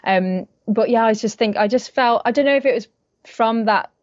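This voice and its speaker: Chatty British actress, dry close sound. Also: female voice, a little high, brisk, no echo, dull audio. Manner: chatty, laughs often, rambling. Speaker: actress, guest. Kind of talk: casual interview chat.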